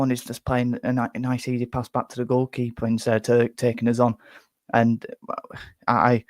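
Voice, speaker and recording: A man's voice: mid-range voice, a little mellow, no room sound. A man hosting a live fan reaction, talking bluntly with many restarts and a little out of breath. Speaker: fan channel host.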